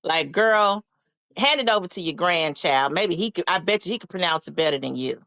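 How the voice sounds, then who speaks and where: A woman joins a live talk show with a fairly low voice that sounds dry and close to the mic. She gives her opinions bluntly and does not hide her mockery. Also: animated, a little fast, pushed and bright, no echo. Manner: blunt and mocking.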